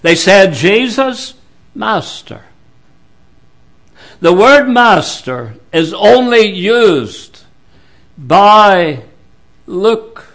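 A man preaching a sermon in a slow, deliberate way, with sudden drops to a hushed voice. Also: sits high.

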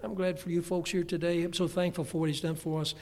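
A man's voice: fairly high pitch, fast talker. Older male preacher in a reverberant hall. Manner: lively storytelling with humorous asides. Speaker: pastor. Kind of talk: sermon.

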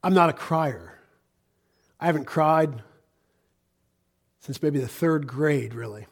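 A middle-aged American man preaching a sermon, swinging between loud emphasis and hushed, quiet passages. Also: fairly high pitch, slow, slightly rough. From United States. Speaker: pastor.

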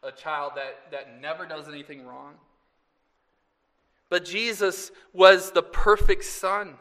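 A man preaching a Mother's Day sermon to his congregation, earnest and often rising loud on scripture, with asides to the listeners. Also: high-pitched, slow, big-room sound. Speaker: pastor.

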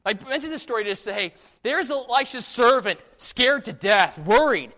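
Male pastor, slightly high voice, animated sermon storyteller. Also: normal speed, few pauses. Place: church sanctuary. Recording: long hall reverb.

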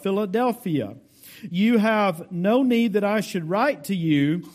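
A man's voice: high-pitched, darkish tone. A pastor from the United States giving a verse-by-verse teaching sermon. He explains with care, lands hard on key words, and speaks straight to his congregation. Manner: deliberate, explanatory, stresses key words emphatically.

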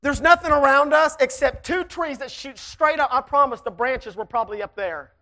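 Sharing a personal story with the congregation, this preacher is folksy and animated before turning to fervent preaching. The voice sits high and moves at a normal speed.

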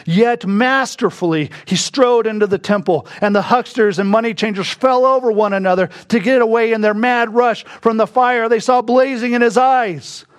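A man preaching a sermon, moving between quiet, hushed reflection and sudden bursts of emphasis. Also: very high-pitched, clear, resonant tone. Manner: slow, reflective preaching that drops to a hush and rises to bursts of emphasis. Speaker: pastor.

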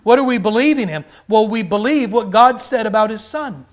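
A man preaching a sermon in a high-pitched voice. He hammers his points home with repeated phrases and asks the congregation question after question. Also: animated, a little fast. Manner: emphatic, repetitive rhetorical questions.

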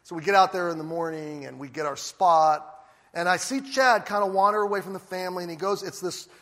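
An older man preaching a sermon as a lively storyteller who acts out the scenes he describes. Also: sits high. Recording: long hall reverb.

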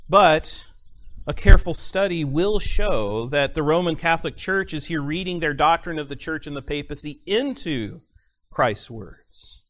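A male pastor preaching a sermon, stressing single words with long pauses and repeating phrases for emphasis. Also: on the high side, expressive, fairly bright tone.

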